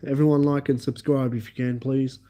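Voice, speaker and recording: A man hosting a livestream, telling a rambling story in an excitable way and talking directly to his viewers. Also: mid-range voice, brisk. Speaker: livestream host.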